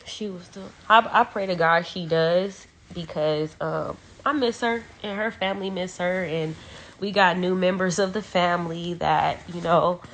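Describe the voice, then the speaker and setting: Young woman, low gravelly voice, emotional rambling phone livestream from a dark room at home. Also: fairly even intonation, a little slow, slight background noise. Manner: emotional, rambling with many fillers. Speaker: livestreamer speaking about her sister. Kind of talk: casual livestream talk.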